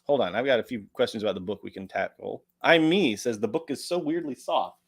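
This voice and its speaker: A man's voice: mid-range voice, fairly quick, slightly rough. An American man hosting a livestream, chatting casually and jokingly as he reads out donations. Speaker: livestream host. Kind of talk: casual chat, reading donations.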